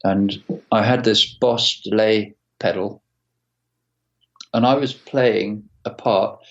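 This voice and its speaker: A man in his sixties, a guitarist as an interview guest, telling stories in a halting way with many restarts. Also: lowish voice, steady tone, lo-fi sound. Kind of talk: casual interview storytelling.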